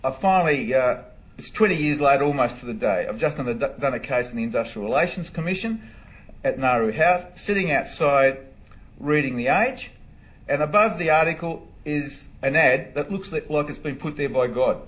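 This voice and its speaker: A man, a barrister and inventor, telling an animated story in an interview, acting out the dialogue and laughing often. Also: medium pitch, moderate pace, poor audio.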